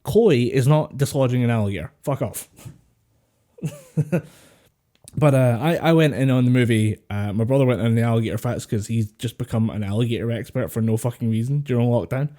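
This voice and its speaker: A man's voice: mid-range voice, brisk, dark tone. A man co-hosting a casual podcast over an online call, telling rambling stories, swearing freely and laughing often. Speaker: podcast co-host. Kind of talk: casual chat. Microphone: home mic over online call.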